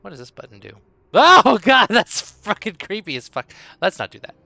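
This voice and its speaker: A man's voice: high-pitched, very animated, creaky, bright, forceful tone. A man streaming live as dungeon master, rambling and talking to himself while he waits for viewers. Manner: rambling, talks to himself between pauses. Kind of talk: casual live-stream chatter.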